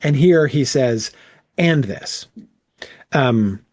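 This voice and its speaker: A man's voice: mid-range voice, expressive, extremely slow, a little mellow, dry recording, studio quality. A man leading a casual bible study, thinking aloud with frequent "um" and "right?" as he works through the text.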